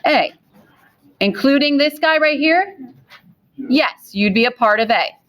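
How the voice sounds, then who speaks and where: A woman's voice: high-pitched, expressive, measured pace, muffled recording. A woman teaching a math class, speaking to her students, who repeats key points and keeps checking in with questions. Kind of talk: classroom lecture.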